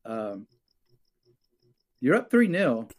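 A man in a casual football chat, animated and swearing as he thinks aloud. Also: mid-range voice, drawn-out words. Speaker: podcast panelist.

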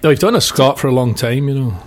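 Middle-aged actor telling rambling stories. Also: male voice, mid-range voice. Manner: rambling anecdotes with quick put-on voices. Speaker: actor guest. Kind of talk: casual chat.

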